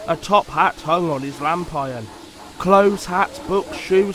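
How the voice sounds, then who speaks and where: A man narrating a children's storybook in a slow, expressive, measured way. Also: on the high side. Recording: music playing under the voice.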